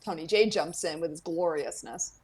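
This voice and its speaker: A woman's voice: lowish voice, normal speed, darkish tone, breathy edge. Woman chiming in on a podcast. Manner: chimes in with short agreements and quips. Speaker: podcast guest. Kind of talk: casual chat recapping a cartoon episode.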